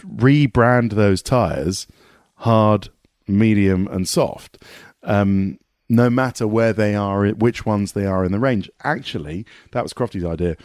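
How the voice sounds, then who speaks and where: A man talking as a motorsport pundit guest in a casual podcast conversation, animated and rambling, with many restarts. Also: fairly low pitch, takes it slowly, no echo, clean studio sound.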